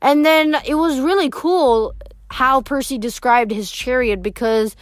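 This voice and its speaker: A woman's voice: sits high, unhurried, dry recording. Woman reading a novel aloud. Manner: plain reading with small slips and restarts. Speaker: reader.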